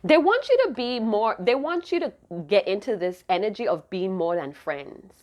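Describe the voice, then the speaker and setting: A woman's voice: mid-range voice, expressive, moderate pace, a little mellow. A woman tarot reader speaking straight to her viewers with a mid-range voice. She talks in a loose, rambling way, stops herself mid-sentence and starts over, and her feeling shows as she works through the cards. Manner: rambling, emotive, self-interrupting. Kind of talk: intuitive tarot reading to camera.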